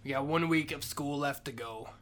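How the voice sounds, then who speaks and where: A man's voice: fairly high pitch, moderate pace, a bit bright, a little hiss or hum. A man playing a school janitor, ranting in a crude, profane comic monologue. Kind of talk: comedic monologue.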